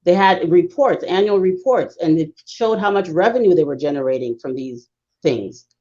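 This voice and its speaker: A woman speaking as a guest on a talk show, explaining history in an emphatic, lecturing way with fast bursts. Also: lowish voice, lively intonation, darkish tone, dull audio.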